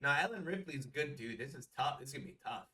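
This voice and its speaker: A young man co-hosting a casual podcast, animated and slangy, repeating himself for emphasis. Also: medium pitch, fast talker, recorded from a distance. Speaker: podcast co-host.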